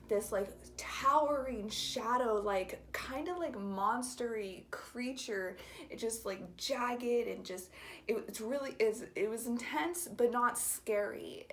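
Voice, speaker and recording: Young woman vlogger, heartfelt personal story, gentle and hesitant, occasional whispered phrases. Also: fairly high pitch. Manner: soft, halting and heartfelt, drops into whispers.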